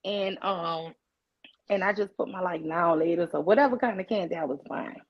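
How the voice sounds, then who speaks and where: A woman from New Orleans, her pitch fairly low and her pace a little fast, shares a personal story during a casual group call. She is lively, says "y'all" to the listeners and voices the characters herself, coming through an online call device in dull lo-fi quality.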